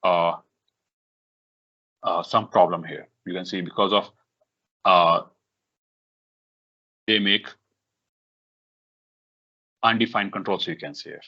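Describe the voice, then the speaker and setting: A man leading a live software tutorial for a workshop, talking in halting bursts with many fillers, restarts and repeated "okay"s. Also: low-pitched. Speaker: workshop instructor. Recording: dull lo-fi recording.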